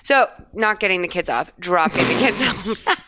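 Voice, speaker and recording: A woman co-hosting a podcast, recapping a film in casual, profane, animated chat. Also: mid-range voice, normal speed, noisy background. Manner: chatty, profane, animated storytelling.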